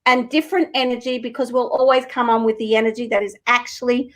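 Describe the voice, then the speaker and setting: Woman, spiritual card reader on a live stream, earnest, emotional, sweary, slightly high voice. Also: little pitch movement, fast talker, a bit bright. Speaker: co-host reading cards for viewers.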